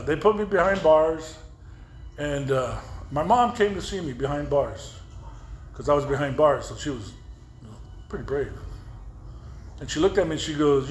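A middle-aged man from the United States telling his recovery story in plain, rambling talk and acting out the voices he quotes. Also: a little high. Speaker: speaker sharing a recovery story. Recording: echoey room with faint noise.

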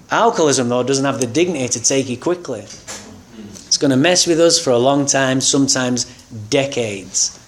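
A man's voice: medium pitch, a little hiss or hum. A man telling a candid, wry personal story about his recovery, acting out the people in it. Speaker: speaker sharing a recovery story.

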